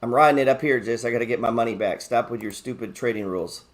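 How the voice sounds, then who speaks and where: Here a quick-talking man with a medium-pitched voice runs a live stock market show. Loose and chatty, he cracks jokes and curses freely as he goes over his trades, reading his viewers' chat aloud along the way.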